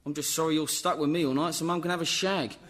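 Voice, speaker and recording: A man's voice: a little high, fairly even intonation, fast, heavy background noise, close to an everyday voice. A man with an English accent playing a sullen, sarcastic teenage boy in a sitcom, given to bitter outbursts. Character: sulky, self-pitying teenage boy. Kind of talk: sitcom acting.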